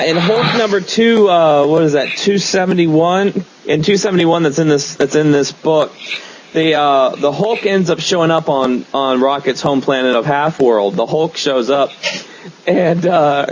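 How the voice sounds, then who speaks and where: Chatty guy hosting a comics podcast, slightly high voice, dull lo-fi sound with faint hiss. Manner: rambling, enthusiastic, many fillers. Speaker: podcast host. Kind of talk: casual comic-book chat.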